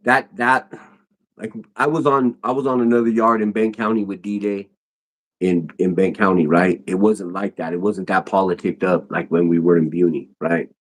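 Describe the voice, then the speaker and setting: A man's voice: low-pitched, steady tone, normal speed. A man who is a podcast guest, telling stories casually in loose, rambling street slang. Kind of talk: casual storytelling.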